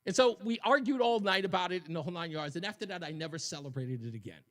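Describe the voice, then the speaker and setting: A man in his fifties hosting a talk radio show, telling a story in an animated way and laughing at his own jokes. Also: high-pitched, fast. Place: radio studio.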